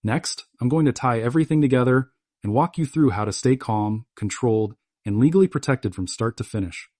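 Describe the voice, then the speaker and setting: A man's voice: mid-range voice, fairly quick, darkish tone, dry recording, studio quality. A man giving a scripted explainer narration in a firm, instructive way, with short punchy sentences.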